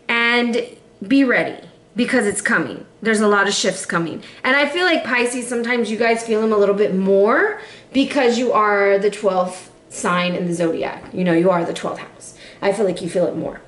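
A woman giving a casual, playful tarot reading to camera, chatty and quick to laugh. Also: mid-range voice, expressive, roomy sound. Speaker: tarot reader.

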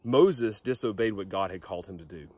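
A man's voice: lowish voice, brisk, a little mellow, breathy edge. A young man giving a youth devotion as pastor, reading scripture aloud and speaking earnestly, often restarting his sentences. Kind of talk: home-recorded youth devotion.

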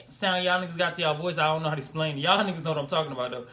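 Young man, high voice, bright tone, animated slangy reaction commentary. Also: fast, few pauses. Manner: animated, slangy, exclaims and laughs between remarks. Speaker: reaction video host.

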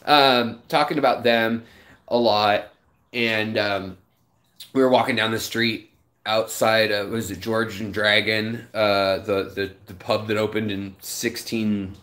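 A man's voice: fairly low pitch, steady tone, a little slow, fairly bright tone. Rambling man hosting a fish live stream. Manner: rambling, friendly, greets viewers by name. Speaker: aquarium live stream host. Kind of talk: casual live stream chat.

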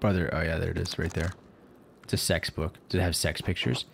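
A young man commenting on a game, sarcastic and crude, with mumbled low-key asides. His voice sits fairly low. A faint hum runs behind him. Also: flat delivery, fairly quick, gravelly. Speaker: let's play host. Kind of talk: gameplay commentary.

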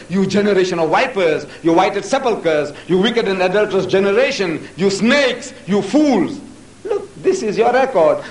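A man answering audience questions in a public debate, talking forcefully and piling up rhetorical questions. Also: sits high. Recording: echoey hall, mic far off.

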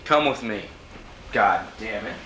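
A man doing an improvised comic rant, swearing constantly and breaking into sudden angry yells. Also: on the low side, lively intonation, measured pace, background noise. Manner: profane, angry outbursts, sudden yelling. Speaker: comedic ranter. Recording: roomy home camcorder sound.

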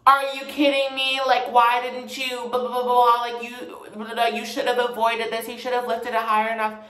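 A woman's voice: fairly high pitch, flat delivery, brisk, sharp tone. A woman mimicking a pushy lady shopper who complains and demands in a whiny, impatient rush, her voice bouncing around an echoey room. The complaints pile up as she grumbles at the staff. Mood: angry. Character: rude impatient woman customer.

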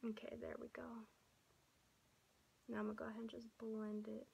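A hoarse young woman talks her viewers through a makeup tutorial in a relaxed, chatty way, often slipping into soft half-whispers. Her voice sits a little high for a woman, gravelly with fry and breathy at the edges. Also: normal speed, poor audio. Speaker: beauty vlogger. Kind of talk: casual makeup tutorial chat.

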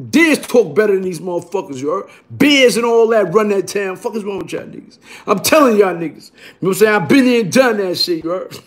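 A man telling a rough, profane story in a casual, animated way, punctuated by "you heard?". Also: high voice. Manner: animated, repeats "you heard?", bursts into shouting.

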